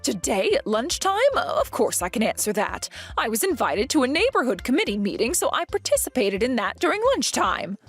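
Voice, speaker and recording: A woman playing a controlling middle-aged mother-in-law who snaps with indignation and throws accusations, her higher voice leaping all over the place. There's a breathy edge to her tone, and soft music runs under it. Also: big pitch swings, a little fast, few pauses. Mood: pleading. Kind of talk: voiced animated story drama.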